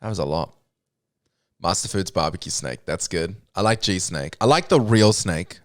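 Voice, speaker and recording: A man's voice: low-pitched, animated, moderate pace, no echo. Joking, swearing man streaming a game. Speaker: streamer playing a video game. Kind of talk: casual live-stream chat. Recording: clear background noise.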